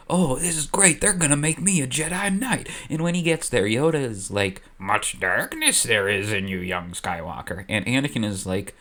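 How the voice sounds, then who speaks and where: A young man hosting, narrating a comedic what-if story with sarcasm. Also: mid-range voice. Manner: sarcastic, animated. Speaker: host.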